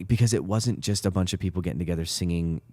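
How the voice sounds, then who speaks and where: A man co-hosting a church podcast, telling stories in casual chat with an emphatic, animated manner. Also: deep voice, fast talker, no room sound.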